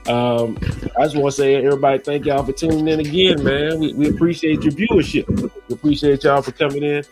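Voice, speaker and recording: Over music, a man with a higher voice hosts a podcast, talking quickly with fairly even intonation. His chat is loose and rambling, full of "you know what I'm saying," and he gets heated when he rants.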